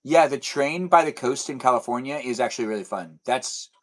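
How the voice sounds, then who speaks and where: A man's voice: medium pitch, a little fast, poor audio. A man chatting casually with viewers on a live stream, rambling playfully and acting out silly imagined conversations. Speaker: livestreamer.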